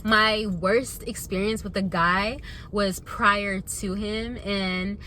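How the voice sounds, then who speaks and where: A young woman vlogger telling a casual storytime to her viewers, animated and chatty, calling them y'all. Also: mid-range voice, slow pace, faint music behind.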